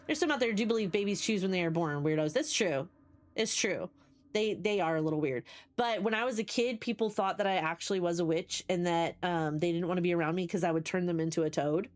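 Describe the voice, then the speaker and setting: A woman's voice: lowish voice, quick pace. Chatty woman streamer telling stories. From United States. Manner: chatty, rambling storyteller, greets and answers chat. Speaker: livestreamer. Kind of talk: casual chat with viewers.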